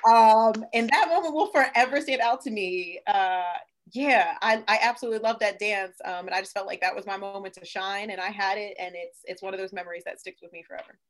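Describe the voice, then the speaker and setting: A woman's voice: mid-range voice, a little fast. A young woman from the United States, a podcast guest chatting casually, laughing often and restarting her sentences with plenty of fillers. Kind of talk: casual interview chat.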